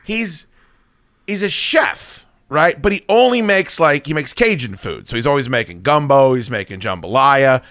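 Male podcast host, bright and forceful, opinionated and profane, casual chat. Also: medium pitch, expressive, moderate pace, no room sound, clean studio sound. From United States.

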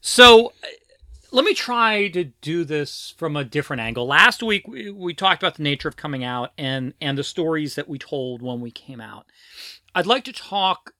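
A middle-aged woman co-hosts a casual podcast, her voice bright and forceful. She rambles, restarts her sentences and slips into giggles, recorded close up in a dry, dead room. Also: low voice, expressive, moderate pace, no echo. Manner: rambling, giggly, self-interrupting. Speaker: podcast co-host.

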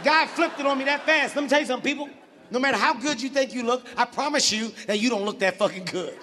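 A man performing a live stand-up routine, profane and shouty as he tells his stories. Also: very high voice, fast talker, background noise. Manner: profane, shouty, animated storytelling. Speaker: stand-up comedian. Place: large live venue. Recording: live venue with reverb and audience. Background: audience laughter.

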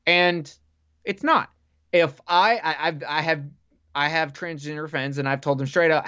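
A man chats casually on a podcast, spinning long rambling stories and swearing freely. His voice sits a little high. The recording sounds dull and lo-fi. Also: a little slow, smooth. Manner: rambling, profane, animated storyteller. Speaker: podcast guest. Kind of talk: casual storytelling chat.

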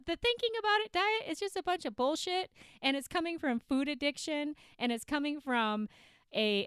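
A woman's voice: a little high, a bit bright, clear, resonant tone, dry recording, studio quality. A woman hosting a weight-loss podcast, talking bluntly and a little profanely into a podcast mic. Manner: blunt, outspoken, mildly profane. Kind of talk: blunt motivational podcast talk.

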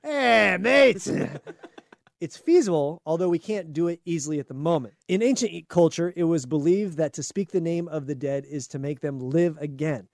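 A man with a high voice reads a science story aloud and riffs on it in a loose, jokey chat. The sound is dry and close, with no room around it. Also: a little fast, few pauses, mellow, dry recording. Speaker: podcast co-host. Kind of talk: casual chat, reading news aloud.

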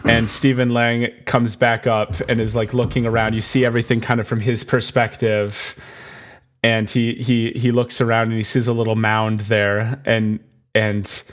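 A man telling an improvised comedy story on a podcast. He talks in a rambling, excitable way. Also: medium pitch, normal speed. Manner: rambling, excitable, many restarts.

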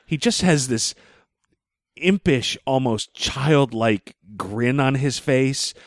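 With a medium-pitched voice, lively intonation, and a slow pace, the man co-hosts a casual podcast chat, wry and rambling, with a swear word here and there. The living-room recording, made on a mobile rig, is dry and studio quality.

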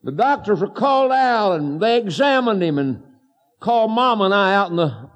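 A man preaching a fervent, folksy sermon and telling a story that builds to shouted emphasis. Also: high voice, big pitch swings, normal speed. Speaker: evangelist preacher.

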